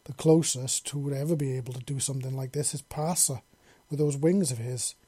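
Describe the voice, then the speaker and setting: A man voicing a horned, scaly female lizard warrior who speaks softly and affectionately in a storybook reading. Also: medium pitch, a little fast, slightly rough, dry recording, natural voice. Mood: soft, loving. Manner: soft, affectionate purring.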